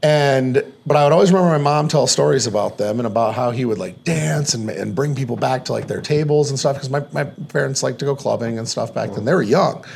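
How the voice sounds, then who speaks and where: A man's voice: medium pitch, brisk, gravelly, hardly any pauses, a little mellow, a little hiss or hum. A man telling a personal story as a podcast guest, rambling and casual, peppering his talk with fillers and swearing. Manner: rambling, profane, many "like" fillers.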